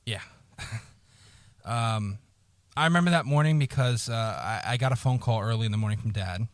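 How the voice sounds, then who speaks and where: A man on a podcast telling a painful personal story, halting, repeating words and swearing often, close to tears. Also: mid-range voice, no room sound. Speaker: podcast co-host.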